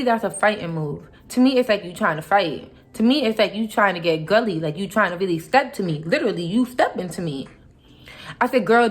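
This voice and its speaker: A young woman vlogger retelling a workplace clash in a heated, casual storytime, full of asides and mock quotes. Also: mid-range voice.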